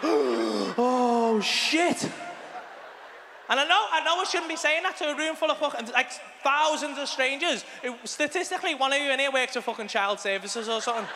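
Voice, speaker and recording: A man's voice: very high-pitched, background noise. A man doing a sweary, blunt stand-up set in a large theatre. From England. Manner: sweary, blunt storytelling with acted-out outbursts. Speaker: stand-up comedian. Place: large theatre with a big audience. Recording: live hall recording with a loud crowd.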